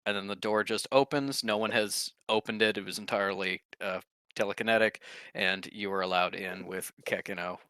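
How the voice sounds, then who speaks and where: A man narrating a tabletop game as game master, in a relaxed way full of fillers. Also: lowish voice, brisk, smooth, no room sound.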